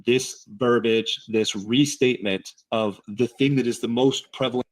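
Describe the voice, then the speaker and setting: A man's voice: medium pitch, fairly even intonation, moderate pace, no room sound. A man breaking down a speaker's wording point by point while reviewing video clips on a livestream. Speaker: statement analyst.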